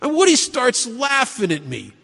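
A man's voice: very high voice, wildly swooping pitch, moderate pace, creaky, fairly bright tone, slightly rough, in a large hall. A man sharing his recovery story with a live group in a meeting room, blunt and self-mocking, full of rhetorical questions. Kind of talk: personal testimony talk to a live group.

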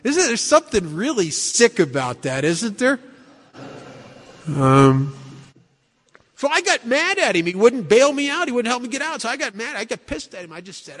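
A man's voice: high voice, big pitch swings, moderate pace, in a large hall. A man sharing his recovery story with a live group in a meeting room, blunt and self-mocking, full of rhetorical questions. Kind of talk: personal testimony talk to a live group.

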